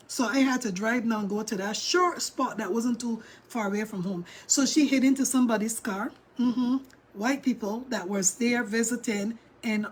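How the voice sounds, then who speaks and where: A middle-aged woman vlogger with a fairly high-pitched voice tells her viewers a story, speaking straight to them in an animated, emphatic manner.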